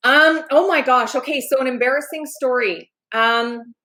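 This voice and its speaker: A woman with a somewhat high voice tells a story on a podcast. She is animated and often laughs as she acts out the other people's voices in a casual, chatty way. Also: moderate pace, poor audio. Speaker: podcast guest.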